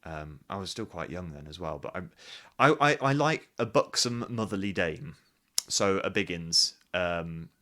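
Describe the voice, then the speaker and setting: Bright-voiced man chatting as a guest. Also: deep voice, lively intonation, measured pace. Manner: chatty, thinks aloud with many restarts. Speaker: guest, pantomime actor. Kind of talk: casual interview chat.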